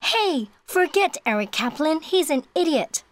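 Outspoken teen girl in an audiobook, very high and lively, done by a male reader. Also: measured pace, dry recording, heavily acted. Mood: eager. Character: outspoken teenage schoolgirl. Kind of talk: audiobook character voice.

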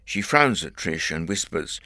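Low bright-toned male narrator. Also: very animated, a little slow, no echo, studio quality. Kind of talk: scripted audiobook narration.

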